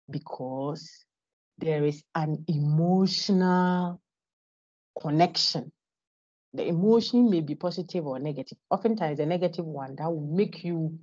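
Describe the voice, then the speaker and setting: A woman lectures over a video call, her low voice husky and mellow. She stresses points and keeps asking the class questions. The audio is dull and lo-fi. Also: no room sound. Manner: emphatic, asks the class rhetorical questions. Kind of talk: online lecture. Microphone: computer microphone on a video call.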